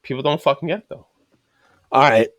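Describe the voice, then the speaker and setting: A man hosting a casual podcast chat, talking bluntly and with lots of swearing as he tells animated stories about his trade. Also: medium pitch, fairly quick. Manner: blunt and profane, animated storytelling. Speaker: podcast host and rebar worker.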